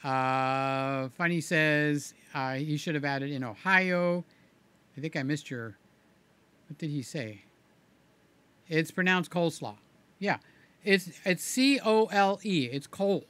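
Bright-voiced chatty livestream host, man. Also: on the high side, takes it slowly, pauses often, smooth. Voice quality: slurs his words. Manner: rambling, chatty, repeats himself. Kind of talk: casual livestream chat, reading viewer comments.

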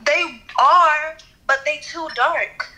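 A woman's voice: sits high, slow pace, pushed and bright. A woman on a video chat app, blunt and teasing with the stranger she is talking to.

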